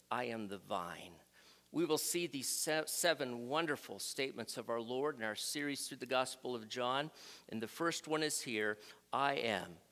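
A man's voice: mid-range voice, sharp tone. Man preaching in an echoing hall. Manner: measured, emphatic reading of scripture. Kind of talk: sermon.

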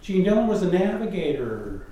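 A man, a guest, telling a personal missionary story in a casual, animated way and mimicking the voices of people in it. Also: high-pitched, normal speed. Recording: distant mic in a very echoey room, faint noise.

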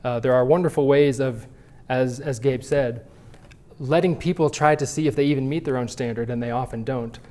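A man's voice: medium pitch, normal speed, a little mellow. A man teaching a Sunday school class at church, talking conversationally and often restarting his phrases.

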